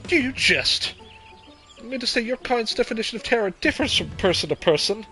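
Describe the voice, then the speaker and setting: A sleazy, theatrical demon in clown form, as a man puts on the voice for a game, talking in a raised, bright, forceful tone. He drawls through every flowery line with a put-on oily accent. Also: very high voice, animated, a little fast, faint music behind, voice pushed up, heavily acted. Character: sleazy male voidsent demon posing as a clown.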